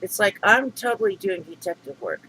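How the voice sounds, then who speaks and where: A man's voice: sits high, very animated, moderate pace, bright, forceful tone, a little hiss or hum, rough recording. A middle-aged man venting to camera in a rambling, aggrieved vlog monologue full of fillers and restarts. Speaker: vlogger.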